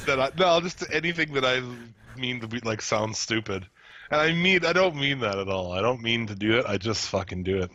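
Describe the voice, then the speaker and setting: Male podcast co-host, crude and blunt, laughs a lot, average pitch, dry dull lo-fi sound. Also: expressive, a little fast, pushed and bright. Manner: profane, blunt, laughs often. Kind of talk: casual chat.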